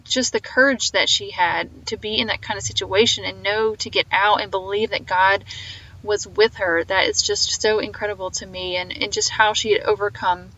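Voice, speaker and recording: A woman's voice: mid-range voice, fairly even intonation, normal speed, pushed and bright, dull audio. A woman hosting a faith podcast with a slight Southern twang, talking earnestly and rambling a little as she reflects on an interview. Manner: earnest, rambling, full of fillers. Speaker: podcast host.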